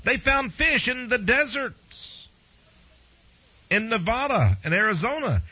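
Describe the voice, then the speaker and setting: A lively man preaches on the radio, his voice swinging high and low with an easy, folksy warmth. His tone is a little husky, and the broadcast sound is dull and lo-fi. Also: takes it slowly. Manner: folksy, animated preaching with chuckles and asides. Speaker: radio pastor. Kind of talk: radio sermon.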